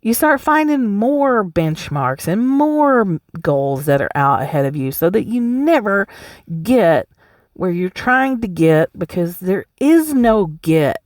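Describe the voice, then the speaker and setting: A woman's voice: medium pitch, sing-song, slow pace, no room sound, studio quality. Blunt, profane woman podcaster. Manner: blunt, profane, emphatic, laughs often. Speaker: podcast host. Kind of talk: casual solo podcast talk.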